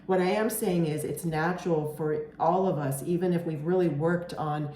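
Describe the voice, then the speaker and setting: A woman's voice: sits low, normal speed, warm tone, roomy sound, slight background noise. A woman giving an earnest, reassuring tarot reading, often checking in with "okay?" and getting emotional at times. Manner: emotional, near tears at moments. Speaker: tarot reader.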